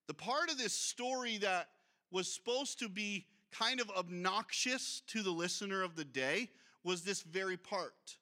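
Male pastor, high-pitched and bright, lively conversational sermon delivery. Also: unhurried. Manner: reads scripture aloud, then breaks off to comment; lively, conversational preaching with asides.

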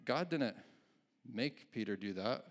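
A man preaching a sermon in a relaxed, conversational way. His voice has a gravelly edge at a middle pitch, and he restarts phrases and chuckles now and then. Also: slow pace. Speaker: pastor.

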